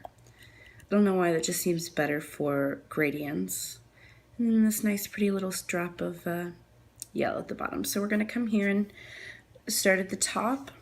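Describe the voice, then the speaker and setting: Low gravelly woman walking through a tutorial. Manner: chatty, apologetic, thinking aloud with fillers. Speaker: nail art tutorial creator. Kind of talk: casual tutorial narration.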